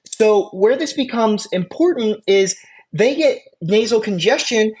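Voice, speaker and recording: Casual EMT instructor, mid-pitch voice, chatty lecture delivery with lots of asides and "right?" check-ins. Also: lively intonation, unhurried, a little mellow. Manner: frequent fillers and restarts, conversational asides. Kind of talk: classroom lecture.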